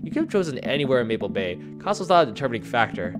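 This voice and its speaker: A man's voice: mid-range voice, sing-song, very fast, music in the background, lightly acted. A man reading the lines of a goofy, sentimental single dad in a game. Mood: tender. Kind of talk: reading game dialogue aloud.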